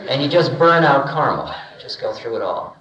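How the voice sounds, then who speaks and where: An older man speaks as a spiritual teacher in an unhurried, storytelling way, slipping into wry little voices for the people in his tales. His mid-pitched voice comes through a dull, muffled archival recording. The sound is roomy, as if taped in a hall. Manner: relaxed storytelling, acting out dialogue with humor. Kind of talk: spiritual talk to an audience.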